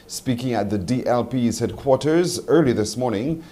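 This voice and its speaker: A Barbadian man reads the morning news in a polished broadcast manner. His intonation is lively and his tone is warm and mellow. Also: mid-range voice, moderate pace. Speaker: news anchor. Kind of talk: scripted news reading.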